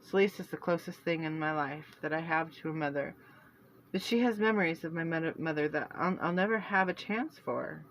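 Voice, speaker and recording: A woman reading her own fantasy novel aloud in first person, earnest and halting with restarts. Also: deep voice, slight background noise, poor audio.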